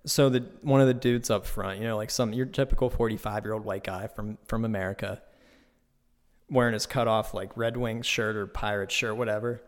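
A man hosting his own podcast, telling a trip story in a casual, profane, animated way from a new, unfurnished home studio. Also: fairly low pitch, a little fast. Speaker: podcast host. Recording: echoey bare room.

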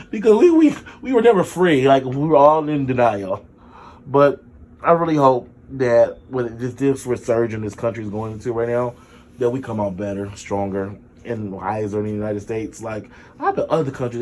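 A man telling a story casually to his viewers, sick with a sore throat and low energy, chatty and expressive, with sudden high exclamations and sassy asides. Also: moderate pace. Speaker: vlogger.

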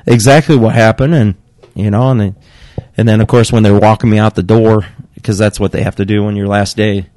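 A man on a casual podcast chat, telling a work story with lots of swearing and lively retellings of what people said. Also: on the low side, brisk, no room sound, clean studio sound. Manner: profane, animated storytelling, acting out quotes.

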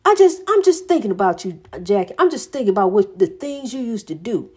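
A woman's voice: mid-range voice, big pitch swings, fairly quick, a little mellow, husky. A woman quoting her sly ex-partner in an accusing, needling tone that keeps repeating the same charge. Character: sly, nagging ex-partner dredging up old grudges.

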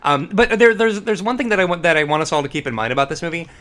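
A man co-hosting a podcast, chatting casually about horror movies, animated and profane with jokey asides. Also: fairly high pitch, rapid-fire. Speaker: podcast co-host.

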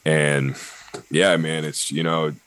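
A man's voice: extremely low pitch, level tone, slow, a bit bright. A young American man chatting casually on a podcast, blunt and profane, full of fillers. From United States. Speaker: podcast guest.

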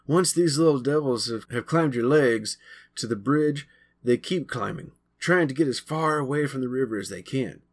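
A man voicing an excitable teen boy showman. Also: medium pitch, moderate pace, voice pushed up, close to an everyday voice. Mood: eager. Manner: eager, breathless showman. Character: excitable teenage boy telling ghost stories.

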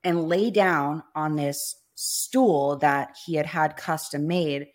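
A woman's voice: low-pitched, takes it slowly. A woman talking as a guest on an interview show, telling a story in a chatty way full of "like" fillers.

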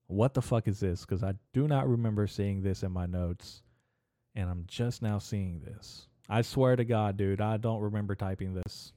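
A young man rambles through a solo podcast, swearing freely and drifting off topic as he thinks aloud. His voice sits low and mellow. The sound is dry, with no room around it. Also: moderate pace, dry recording. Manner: profane, meandering, talks to himself. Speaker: podcast host.

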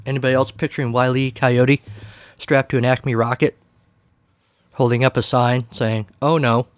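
A man hosts a podcast alone in a relaxed, chatty way. He drops wry, sarcastic asides. His voice sits at a middle pitch and sounds dry and close. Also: moderate pace, no echo. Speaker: podcast host. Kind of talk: casual solo commentary.

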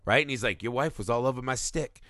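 Reviewing a film on a podcast he co-hosts, this man is profane and animated, performing the characters' lines amid comedic banter. He has a medium-pitched voice, speaks fast, and the audio is studio quality with no room sound.

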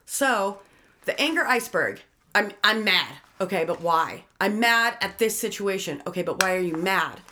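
Woman, casual talker, blunt and foul-mouthed, animated explainer. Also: mid-range voice, normal speed, slight background noise. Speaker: friend giving advice. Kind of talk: casual chat.

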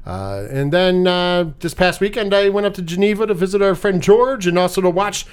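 High, lively man hosting a podcast. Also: normal speed, clear, resonant tone. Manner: hype announcer-style introductions; rambling with fillers and laughs. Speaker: podcast host. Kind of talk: casual podcast chat.

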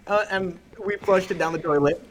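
A young man telling funny stories in casual chat, animated and laughing, acting out the people he quotes. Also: sits high, normal speed, a crowd in the background. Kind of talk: casual storytelling.

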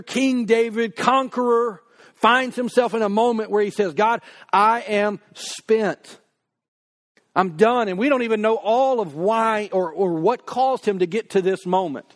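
A man preaching a conversational sermon, acting out quoted prayers in a slow, drawn-out voice. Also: high-pitched. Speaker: pastor.

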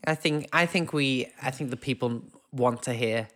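A man's voice: mid-range voice, moderate pace, sharp tone. A man co-hosting a casual podcast, jokey, chatty and self-mocking. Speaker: podcast co-host.

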